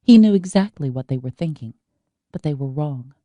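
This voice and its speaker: A woman narrating an audiobook in an even, measured storytelling manner. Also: low voice, no echo, lo-fi sound.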